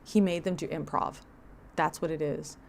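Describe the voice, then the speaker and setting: Wry, lower-voiced woman livestreamer. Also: steady tone, normal speed, vocal fry. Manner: sarcastic, wry, laughing asides. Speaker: livestream host. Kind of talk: livestream reaction commentary.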